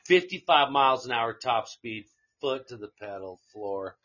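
A man's voice: medium pitch, animated, normal speed, pushed and bright, muffled recording. A man casually telling a rambling story on a live stream, swearing freely and laughing along the way. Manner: profane, rambling anecdote with laughs.

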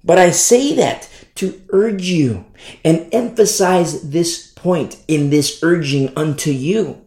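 A man's voice: slow, darkish tone, reverberant. A man preaching a sermon to young listeners, impassioned and repetitive. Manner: repetitive, impassioned, sweeping pitch swings.

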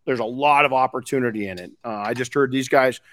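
A man's voice: mid-range voice, fast talker, a crowd in the background. A man hosting a podcast in casual chat, frank and rambling, swearing casually. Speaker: podcast host.

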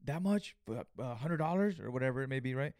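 A man's voice: mid-range voice, steady tone, a little fast, creaky, dark tone, dry recording, studio quality, lightly acted. A man playing an agitated, hostile young male store customer who talks in a brash, confrontational way.

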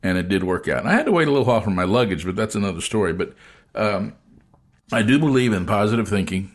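A man hosting an interview, telling a travel story in a relaxed, chatty way and acting out the people in it. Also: lowish voice, quick pace. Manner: animated storyteller acting out dialogue. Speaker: podcast host.

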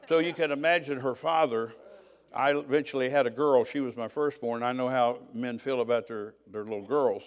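A man's voice: mid-range voice, normal speed, dull audio. An older man preaching, telling his own story in a conversational way and acting out the dialogue. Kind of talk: sermon testimony.

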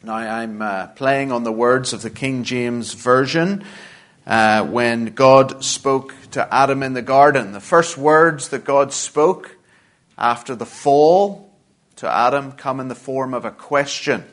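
Measured Northern Irish man lecturing. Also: mid-range voice, a bit bright. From Northern Ireland. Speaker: guest lecturer. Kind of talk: church lecture.

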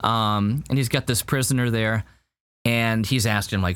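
Low-voiced rambling man, dry close mic. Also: fairly even intonation, normal speed, a bit bright, clear, resonant tone, dry recording. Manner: rambling, full of fillers and restarts. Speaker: podcast co-host. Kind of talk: casual review chat.

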